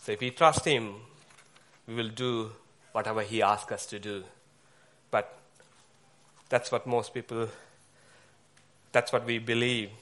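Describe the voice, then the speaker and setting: A man preaching a sermon, speaking haltingly with fillers and pauses. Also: medium pitch, fairly bright tone.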